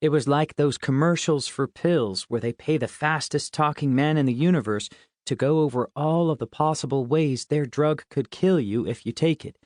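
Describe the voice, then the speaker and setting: A man's voice: on the high side, normal speed, a little mellow, no room sound, clean studio sound. A man reading a first-person middle-grade audiobook in a wry, conversational way. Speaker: audiobook narrator.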